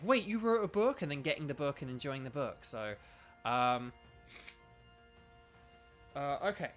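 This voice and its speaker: A man's voice: fairly high pitch, sharp tone. A young British man chatting casually while streaming a video game, rambling with lots of ums and restarts. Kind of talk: casual live-stream chat.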